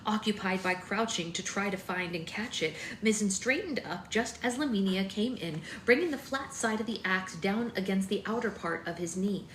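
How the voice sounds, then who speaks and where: A woman hosts a live book club stream, reading a novel aloud at a steady clip and breaking in with chatty asides. Her voice is mid-range and fairly bright, her pace moderate, with hardly any pauses. The room sounds echoey, with faint background noise.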